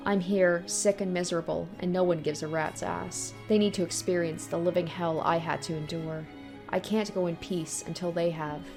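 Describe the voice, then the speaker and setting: A bitter, weary young man near death who wants his family to suffer, read by a woman playing through a story game. The voice stays lowish and tired. Faint music hums behind. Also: steady tone, normal speed, natural voice. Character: bitter dying young man seeking revenge. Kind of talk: reading a visual novel aloud.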